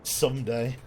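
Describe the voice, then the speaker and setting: A man's voice: medium pitch, darkish tone, a little hiss or hum. Chatty man streaming a submarine game. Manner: chatty, jokey, swears, talks to chat. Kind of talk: casual gameplay commentary.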